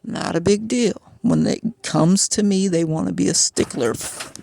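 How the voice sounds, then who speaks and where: Woman, mid pitch, gravelly; frustrated vlog rant, dry close sound. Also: moderate pace, a little mellow, dry recording. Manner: agitated, frustrated storytelling.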